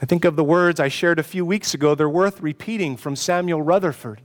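A pastor with a slightly high voice preaches briskly in a reverberant hall. His sermon is earnest and pleading, built on repeated rhetorical questions.

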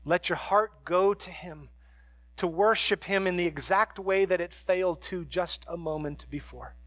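Bright high-voiced male preacher. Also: measured pace, no room sound. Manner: swings from hushed to emphatic, preaching with conviction. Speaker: pastor. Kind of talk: sermon.

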